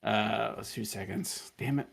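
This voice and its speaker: Male game master, slow and gravelly, halting narration with lots of restarts. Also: lowish voice. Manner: halting, with many restarts and fillers.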